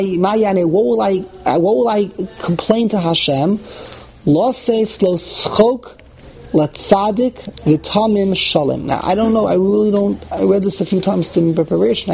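Guy teaching a text, high voice, bit of hiss behind him. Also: gravelly, poor audio. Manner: translates phrase by phrase, animated and indignant at points. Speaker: Torah teacher. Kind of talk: text study class.

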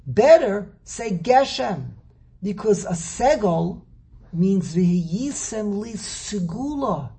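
Gravelly man running a slow, playful classroom lecture; husky edge. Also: high-pitched. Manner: slow, animated, teasing, repeats words while thinking. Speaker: Torah teacher. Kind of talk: classroom lecture on Hebrew grammar and verses.

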